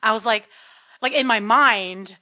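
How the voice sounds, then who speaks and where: A lively woman from the United States chatting over a video call, her voice bright and fairly high. She tells her stories with energy, acts out what people said, and laughs often. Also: unhurried. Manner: animated storyteller, laughs often, acts out quotes. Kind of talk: casual chat.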